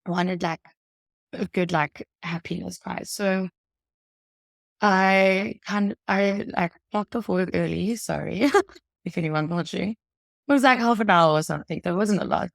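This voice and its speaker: A woman's voice: on the low side, measured pace, gravelly, no room sound. A woman in her late twenties hosting a casual chat, telling stories animatedly and laughing often. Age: late 20s. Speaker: podcast host.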